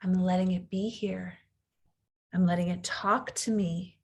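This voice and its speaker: A woman's voice: fairly low pitch, steady tone, unhurried, darkish tone. A woman in her thirties, a coach giving an earnest, reflective teaching talk and sometimes acting out the inner voice of fear.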